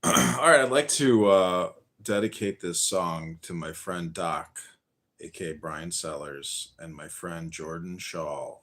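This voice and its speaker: A man's voice: low voice, slow, fairly bright tone. Plain-spoken man in his forties. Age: 40s. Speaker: host. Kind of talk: casual chat.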